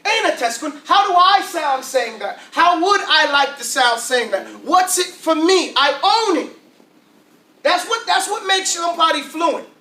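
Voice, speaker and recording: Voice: very high-pitched, lively intonation, a little slow, pushed and bright. An Arabic teacher, teaching a class casually in slangy talk and often checking that everyone follows. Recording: echoey room from far off.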